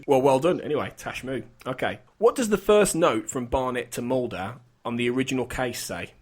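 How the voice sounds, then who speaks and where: A husky-voiced man hosts a podcast in a casual, chatty way. He laughs often while he runs a quiz, and his pitch rises and falls a lot as he talks. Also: expressive, fairly quick, darkish tone. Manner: giggly, chatty quizmaster. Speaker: podcast host.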